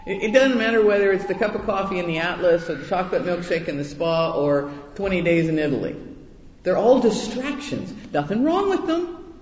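A man's voice: high voice, lively intonation, a little fast, slight background noise. A man preaching a conversational sermon, chatty and self-deprecating, often restarting his words. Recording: echoey hall, dull muffled sound.

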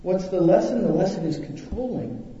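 During a sermon, a high-pitched man talks at normal speed, animatedly narrating stories and acting out the quotes in them. The hall echoes, the lo-fi sound is dull, and there's slight background noise.

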